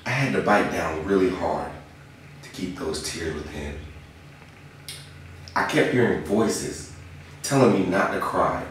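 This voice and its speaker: A young man in a dramatic spoken-word confession, earnest and moving between hushed and impassioned lines. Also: deep voice, animated, a little slow, pauses often. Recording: very echoey room, far from the mic, faint hiss.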